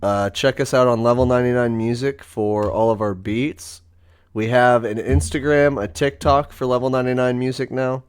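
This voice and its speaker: A man's voice: medium pitch, fairly even intonation, normal speed, clean tone. A man co-hosting a casual podcast, joking crudely and laughing often. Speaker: podcast co-host. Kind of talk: casual chat.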